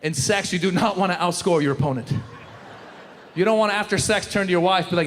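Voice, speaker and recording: A man's voice: high-pitched, quick pace, in a large hall. A middle-aged man doing stand-up on stage, acting out voices and sounds with lots of energy. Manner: animated, acts out voices and sounds. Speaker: stand-up comedian. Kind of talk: stand-up comedy set. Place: comedy stage before a live audience. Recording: live show with loud crowd laughter and noise.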